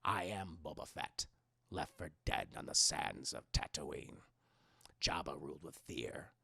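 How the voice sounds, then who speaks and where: A man voicing a gruff, terse male bounty hunter with a gravelly, low, clipped voice. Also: lively intonation, sharp tone, no echo, clean studio sound, full character voice. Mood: menacing. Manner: slow, half-whispered menace.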